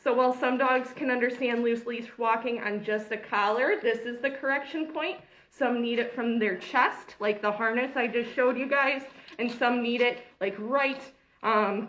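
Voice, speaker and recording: A woman's voice: fairly high pitch, fairly bright tone. A woman dog trainer explaining walking techniques in a casual, chatty way, with firm, short commands to the dog. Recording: echoey room, mic at a distance.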